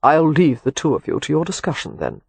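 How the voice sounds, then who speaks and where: A cool, controlled doctor with a husky, slightly high voice, as a male reader puts him on. His speech is formal and measured, and the recording is dry and close. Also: huge pitch swings, no room sound, full character voice.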